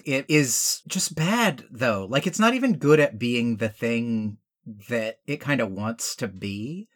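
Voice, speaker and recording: A man's voice: medium pitch, a bit bright. A man co-hosting a casual film review chat, blunt, profane and exasperated. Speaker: podcast co-host.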